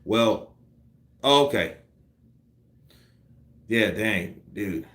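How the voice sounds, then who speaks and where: A man's voice: on the low side, very slow, roomy sound. A man giving casual, profane boxing commentary on a live stream, acting out punch combinations. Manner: animated, profane, acts out punch sequences.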